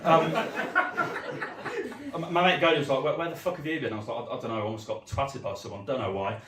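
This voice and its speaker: A man's voice: mid-range voice, fast, noisy background. A young man, from Leicester, telling a rambling, sweary stand-up story with many ums. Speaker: stand-up comedian. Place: comedy gig room. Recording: roomy echo, heard from far off.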